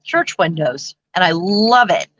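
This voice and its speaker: A woman's voice: fairly low pitch, animated, unhurried, fairly bright tone, muffled recording. A woman co-hosting a casual crafting livestream, playful and giggly as she chats and reads comments. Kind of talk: casual chat while crafting.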